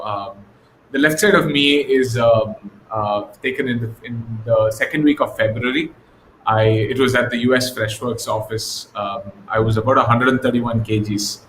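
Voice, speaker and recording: A man as an interview guest, telling stories in a relaxed, casual way with lots of fillers and restarts. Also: medium pitch, normal speed. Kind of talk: casual conversational storytelling. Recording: echoey room with faint noise.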